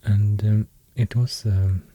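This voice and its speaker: Soft, husky Swedish-accented man murmuring. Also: lowish voice, fairly even intonation, takes it slowly. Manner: half-whispered, hesitant with many fillers. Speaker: ASMR host explaining runes. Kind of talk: soft-spoken ASMR lecture.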